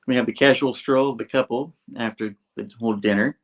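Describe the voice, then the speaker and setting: A man's voice: mid-range voice, steady tone, a little fast. A man recapping a comic book issue in casual chat, acting out the characters' lines in a raised voice.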